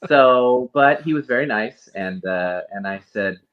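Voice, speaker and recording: A man's voice: mid-range voice, animated, unhurried, lo-fi sound. A man, a guest actor and costume performer, earnestly telling a rambling story over a video call. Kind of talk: casual storytelling interview.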